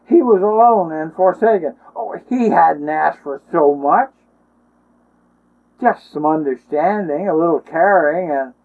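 Guy telling a story slow and dramatic, lots of oh and well, sounds like over a phone. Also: fairly high pitch. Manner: emotive, with many ohs and wells. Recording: tinny phone-line sound.

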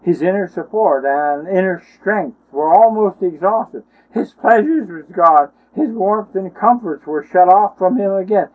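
A man's voice: high-pitched, animated, a little slow, hardly any pauses. A man telling a story aloud, dramatic and emotive, often starting lines with oh or well. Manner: emotive, with many ohs and wells. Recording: tinny phone-line sound.

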